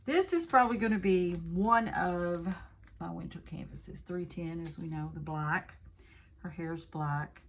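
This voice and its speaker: A woman with a Southern accent, chatting and rambling casually as she unboxes and shows off a craft kit. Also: lowish voice. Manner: chatty, rambling, self-correcting. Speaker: craft video host.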